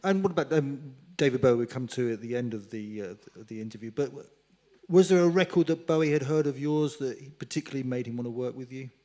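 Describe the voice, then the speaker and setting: A man asking interview questions on stage in a concert hall, a little halting. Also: mid-range voice, warm tone.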